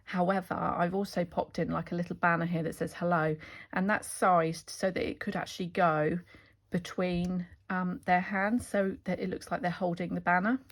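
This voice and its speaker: A woman's voice: on the low side, little pitch movement, normal speed. A woman chatting enthusiastically as she shows off her craft stamp designs, with fillers and restarts. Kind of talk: casual product walkthrough.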